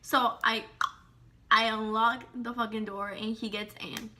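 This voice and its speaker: Bright-voiced young woman, animated storyteller. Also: fairly high pitch, measured pace. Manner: animated, slangy, heavy on "like" and swearing. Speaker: vlogger telling a story. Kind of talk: casual storytime.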